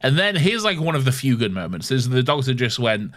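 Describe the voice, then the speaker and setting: A man's voice: medium pitch, sing-song, brisk, a bit bright. A man co-hosting a podcast, recapping in a laid-back, sweary, casual way. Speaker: podcast co-host. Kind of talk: casual chat.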